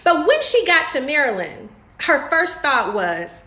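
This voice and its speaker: Woman, motivational coach, bright high voice, echoey room. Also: wildly swooping pitch, measured pace. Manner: preachy, emphatic, addresses viewers as y'all. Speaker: home business coach. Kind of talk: motivational talk to camera.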